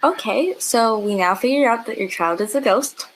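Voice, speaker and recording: A woman's voice: on the high side, lively intonation, moderate pace, heavy background noise. A woman chatting casually on a podcast, teasing and joking with friends. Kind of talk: casual chat.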